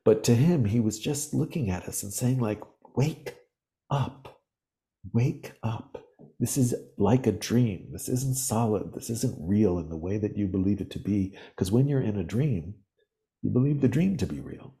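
Guy with a low mellow voice telling stories in an interview, earnest and lively. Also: normal speed. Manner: earnest, animated storytelling. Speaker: podcast guest. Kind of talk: reflective interview talk.

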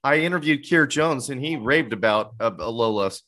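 A man's voice: medium pitch, animated, moderate pace, sharp tone. A man hosting a casual interview podcast, laid-back and easygoing, often saying "right on". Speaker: podcast host.

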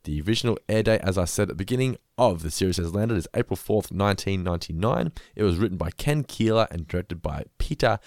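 A man's voice: sits low, expressive, fast, few pauses, darkish tone, no room sound, clean studio sound. A man hosting a casual podcast chat, chatty and quizzing his co-host.

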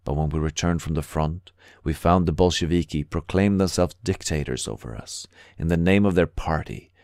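A man's voice: extremely low pitch, moderate pace, darkish tone, dry recording, studio quality. A man voicing a disillusioned middle-aged soldier in an audiobook, speaking mournfully. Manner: mournful, sighing.

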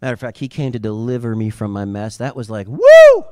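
A male pastor preaching an animated sermon, moving between quiet asides and loud, yelling passages. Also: on the low side, quick pace, clean tone, dry recording, clean studio sound.

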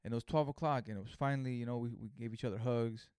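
This Californian man in his thirties, a vlogger, races through a rambling personal anecdote in casual slang, repeatedly adding "you know" and "right?". His average-pitched voice sounds clear and resonant. The audio is close and dry, free of any echo or room ambience.

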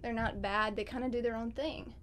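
A woman's voice: on the high side, steady tone, brisk. A woman talking as a guest in a casual interview, chatty and rambling, often laughing. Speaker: guest on a gaming podcast.

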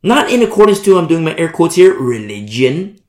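A preacher delivering an animated Bible-study sermon, often breaking off to ask the listeners "You see?". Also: mid-range voice, quick pace. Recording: echoey room.

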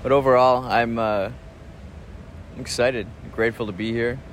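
A man talking in a casual spoken travel diary, relaxed and reflective, rambling with restarts and soft chuckles. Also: mid-range voice, moderate pace, a little hiss or hum. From United States. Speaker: podcast host.

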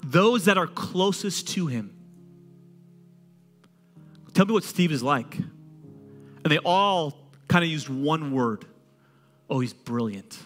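Animated preaching man in a reverberant hall. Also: on the high side, slow, long pauses, soft background music. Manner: animated, conversational preaching with humor and repetition. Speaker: pastor. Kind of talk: sermon.

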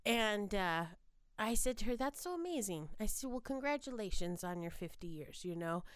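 A woman co-hosting a podcast, chatting casually and telling a long story in an animated way, acting out the voices of the people in it. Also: mid-range voice, normal speed, clear, resonant tone, dry recording, studio quality. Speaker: podcast co-host. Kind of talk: casual chat.

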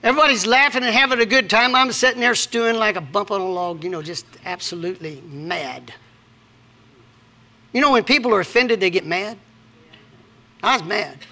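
A man's voice: high-pitched, pushed and bright. A middle-aged man, preaching a sermon with scripture readings and personal stories. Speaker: pastor.

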